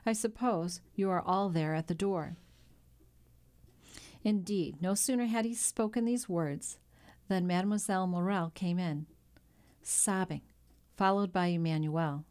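Low-voiced woman reading a novel aloud. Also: darkish tone. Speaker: audiobook narrator. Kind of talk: scripted narration.

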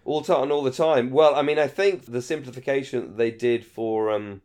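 A man's voice: medium pitch, normal speed, a little mellow. A man co-hosting a podcast in casual chat, musing aloud and hedging as he talks. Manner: musing and hedging, lots of "I mean" and "you know". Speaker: podcast co-host.

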